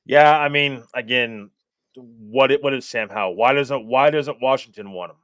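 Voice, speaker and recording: A man co-hosting a sports podcast, thinking out loud and asking himself questions as he weighs a player. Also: mid-range voice, normal speed, no room sound. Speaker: podcast co-host. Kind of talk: casual sports analysis.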